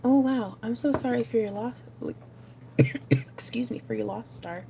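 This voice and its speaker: A woman's voice: a little high, measured pace, gravelly, dark tone, slight background noise, rough recording. A woman hosting a craft livestream, chatting casually and rambling with frequent laughs while she makes jewelry. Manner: chatty, rambling, laughs often, many fillers.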